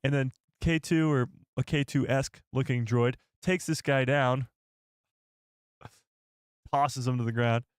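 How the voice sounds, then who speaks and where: A man hosting a live stream and reacting to a trailer, excitable and incredulous, talking straight to his chat. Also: mid-range voice, a little slow, long pauses, clean tone, dry recording, clean studio sound.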